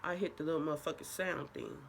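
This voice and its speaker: A young woman vlogger telling a casual, profane story time in an animated way. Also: deep voice, fast, vocal fry, a little hiss or hum.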